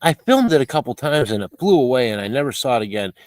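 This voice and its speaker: A man's voice: mid-range voice, sing-song, fast, no echo. A man hosting a casual livestream, chatting in a rambling, playful, mock-fussy way as he reads viewer comments. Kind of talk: casual live-stream chat. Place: home, outdoors at night.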